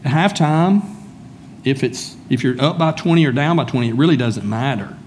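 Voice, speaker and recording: A man's voice: mid-range voice, lively intonation, moderate pace, darkish tone, a little hiss or hum. A man preaching a sermon in a church, speaking conversationally and calling on listeners by name. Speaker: pastor.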